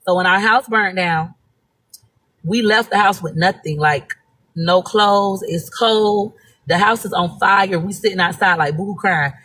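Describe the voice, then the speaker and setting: A woman's voice: mid-range voice, unhurried, a bit bright, breathy edge. A woman from Florida, telling stories bluntly and profanely in a casual live-stream monologue. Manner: blunt, profane, emphatic storytelling. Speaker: social media personality.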